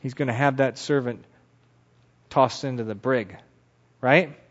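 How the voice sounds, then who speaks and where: A man giving a Bible teaching lecture as an animated storyteller who asks rhetorical questions, on a dull lo-fi recording. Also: medium pitch, unhurried.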